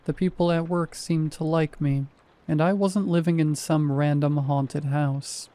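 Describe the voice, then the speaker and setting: A man in his thirties reading a first-person horror story in a measured, wry, deadpan way. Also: fairly high pitch. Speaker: narrator.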